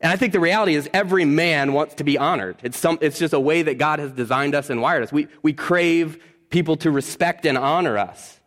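A male pastor delivers a sermon in a relaxed, conversational way, with a voice that sits a little high for a man. He speeds up for asides, slows right down to stress a point, and keeps putting questions to the congregation. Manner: conversational preaching, animated, asks the congregation questions.

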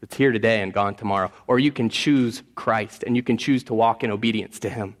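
A man preaching a sermon as pastor, earnest, moving between quiet asides and raised appeals. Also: on the low side, steady tone, a little fast, long reverb tail.

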